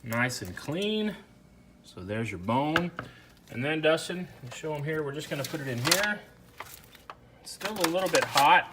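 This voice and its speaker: A man's voice: fairly high pitch, big pitch swings, unhurried, pauses often, background noise. A man hosting a casual cooking video, chatting through each step for the viewer. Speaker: cooking show host. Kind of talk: casual how-to cooking narration.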